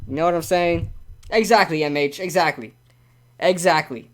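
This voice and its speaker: A man's voice: fairly high pitch, moderate pace, fairly bright tone. A young man hosting a casual live-stream sports talk show, rambling and ranting animatedly with lots of repeats.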